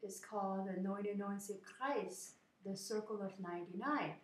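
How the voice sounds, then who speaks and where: A woman voicing a grave old male court wise man who speaks quietly and solemnly, in an echoey room. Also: medium pitch, normal speed, close to an everyday voice.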